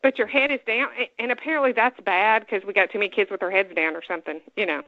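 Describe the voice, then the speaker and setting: A woman from Alabama with a Southern accent, co-hosting a casual chat, talkative and quick to laugh. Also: mid-range voice, fairly even intonation, dry recording, dull audio. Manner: chatty, laughs often, opinionated. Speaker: co-host.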